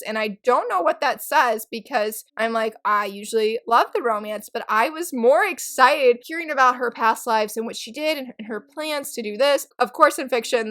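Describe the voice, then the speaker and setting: A young woman chatting casually in a reading wrap-up, gushing over manga with quick asides and exclamations. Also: on the high side, a bit bright. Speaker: book reviewer. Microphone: recording on an iPad.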